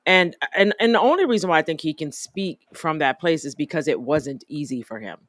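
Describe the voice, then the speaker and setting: A man's voice: on the high side, animated, brisk, fairly bright tone, no room sound. A man co-hosting a podcast, making his point emphatically and repeating phrases. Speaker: podcast co-host. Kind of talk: casual opinionated chat.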